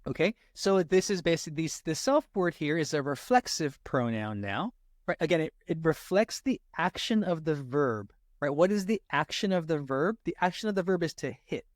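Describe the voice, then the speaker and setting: Male tutor, casual lesson delivery, habitual "right?" checks, slightly high voice, dry close sound. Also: expressive, dry recording. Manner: repeats "right?" after nearly every point; slows down to stress example sentences. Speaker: SAT tutor. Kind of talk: casual teaching explanation.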